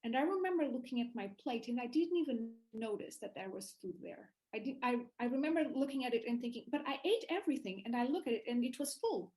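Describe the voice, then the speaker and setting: Woman guest on an interview, kinda high voice, gets animated telling her story, lots of restarts. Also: quick pace, few pauses, poor audio. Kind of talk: casual interview conversation.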